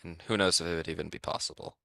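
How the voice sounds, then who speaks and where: A man voicing a wise, measured male mentor in a tabletop game. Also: low-pitched, steady tone, creaky, sharp tone, no echo, studio quality, heavily acted. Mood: cautioning.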